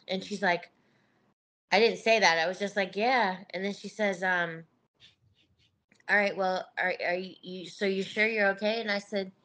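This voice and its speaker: A woman's voice: medium pitch, a bit bright. A middle-aged woman telling candid stories as a podcast guest, laughing often and acting out what others said. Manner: candid, laughing, acts out quoted voices. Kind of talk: casual interview storytelling.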